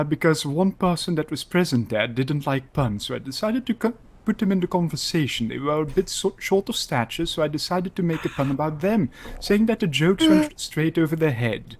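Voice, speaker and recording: A man's voice: fairly high pitch, very animated, normal speed. Exasperated man telling a dry story. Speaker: roleplayer in character. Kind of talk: in-character roleplay storytelling.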